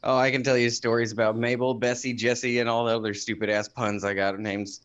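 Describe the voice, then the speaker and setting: A man in his twenties telling animated, profane stories in a casual group voice chat. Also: medium pitch, a little fast, lo-fi sound. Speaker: chat participant.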